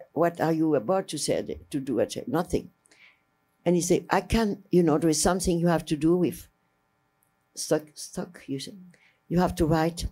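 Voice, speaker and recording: Older woman with a warm voice. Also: low-pitched, slightly rough. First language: French. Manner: rambling, lively, restarts mid-phrase and acts out other people's speech. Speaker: interviewee, filmmaker. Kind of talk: storytelling reminiscence.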